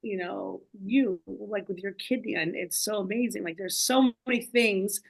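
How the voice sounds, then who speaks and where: Woman, gravelly voice, animated storytelling, rambling with fillers, mid pitch. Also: moderate pace, rough recording. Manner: animated, digressive, many fillers. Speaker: guest speaker. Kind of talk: casual storytelling.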